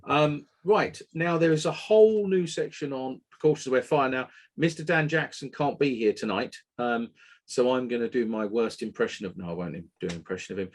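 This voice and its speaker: A man with a slightly husky voice hosts a casual technical webinar. He talks in an opinionated, animated way and drops the odd swear word. He sits at a mid pitch for a man. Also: normal speed. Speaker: webinar host.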